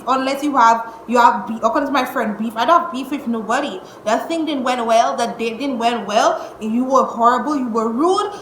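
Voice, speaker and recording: A young woman, telling a storytime vlog at home in an exasperated, animated way, cursing and using slang. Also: fairly high pitch, normal speed, hardly any pauses. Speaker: vlogger. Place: indoors at home. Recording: echoey room with faint noise.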